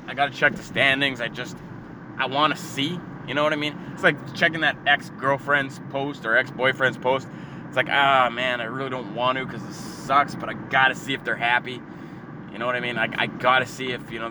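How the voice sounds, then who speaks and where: A young man ranting profanely and sarcastically, jumping from loud outbursts to low muttering. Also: background noise. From Canada. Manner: swears constantly, sarcastic, swings between shouting and muttering. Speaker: hockey fan ranting. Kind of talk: profane casual rant.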